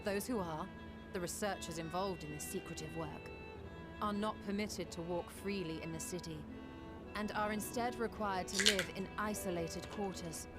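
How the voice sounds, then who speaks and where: A woman voicing the narrator of a fantasy game, delivering scripted lines in a grave, steady way. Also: medium pitch, moderate pace, natural voice. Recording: game audio with string music.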